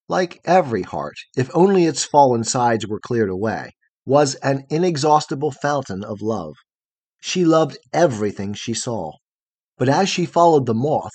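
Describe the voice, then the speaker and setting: A man reading a fairy tale aloud in an expressive, melodic storytelling manner. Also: mid-range voice, breathy edge, no echo. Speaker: audiobook reader.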